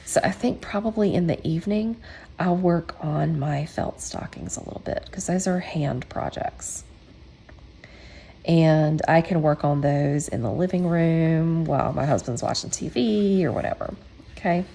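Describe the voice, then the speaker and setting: A woman's voice: sits low, unhurried, gravelly, warm tone, slight background noise. A woman hosting a casual craft tutorial, chatty and encouraging, with frequent ums. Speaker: quilting channel host.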